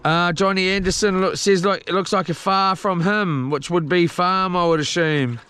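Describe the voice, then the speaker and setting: A man's voice: sits high, fairly even intonation, moderate pace, bright, forceful tone, clear, resonant tone. A man chatting to himself while tidying his boat on a live stream, rambling and swearing as he goes. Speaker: solo boat vlogger. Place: small houseboat on the water.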